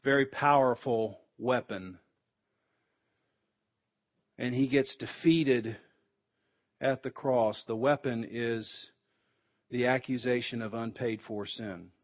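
A man's voice: mid-range voice, fairly even intonation, slow pace, long pauses. A man preaching a sermon in an emphatic way, building to fervent peaks, heard on a dull, lo-fi recording.

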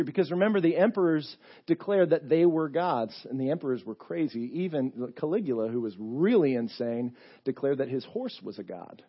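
A man's voice: fairly high pitch, lively intonation, normal speed, breathy edge, dull audio. A male pastor giving a sermon in a church, telling a story in a conversational way with many fillers.

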